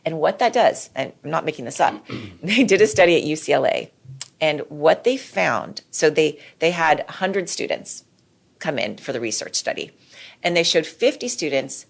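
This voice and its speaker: A middle-aged woman speaks as a clinical psychologist on a podcast. She has a low voice with some fry in it. She explains ideas in a lively, conversational way. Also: moderate pace.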